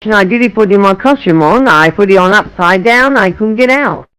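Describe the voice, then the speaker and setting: A man voicing a lazy male runner in a fox costume, speaking in a droll, deadpan way in an AI-voiced comedy sketch. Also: high voice, normal speed, smooth, rough recording.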